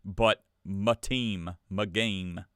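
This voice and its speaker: A man's voice: fairly low pitch, fairly even intonation, drawn-out words, a bit bright, clean tone, no room sound. A man hosting a podcast in casual chat, sarcastic and laughing often as he reads stories aloud. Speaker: podcast host.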